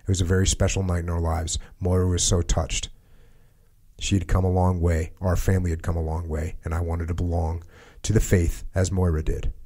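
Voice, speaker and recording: A podcast host with a low, deep male voice reads passages from a book aloud. His pace stays measured, and he breaks off now and then to add short comments of his own. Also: little pitch movement, mellow, slightly rough. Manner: measured reading with spoken asides.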